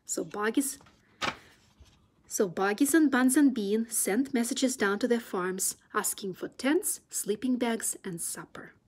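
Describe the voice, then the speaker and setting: A woman reading a children's storybook chapter aloud, gentle and soft, sometimes almost whispering. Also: a little high, slow, slight background noise. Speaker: children's book reader.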